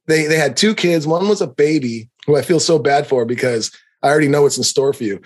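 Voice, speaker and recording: Male podcast host, middle-aged, slightly high voice, animated, swearing, heated rant. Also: brisk. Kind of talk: comedic rant.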